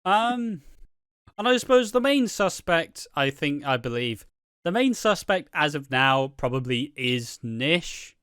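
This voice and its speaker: A man's voice: on the high side, sing-song, a little slow, a bit bright, clear, resonant tone, no room sound, clean studio sound. A man casually talking through soap opera theories, rambling and swearing freely. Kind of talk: casual chat.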